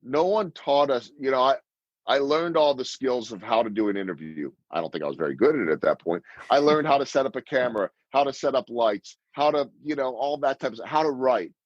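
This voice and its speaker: A man's voice: medium pitch, a little fast, no echo, dull audio. Dry-sounding fifties man telling stories. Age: 50s. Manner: animated storyteller acting out quoted lines. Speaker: guest, sports broadcaster and speaker. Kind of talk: storytelling interview answers.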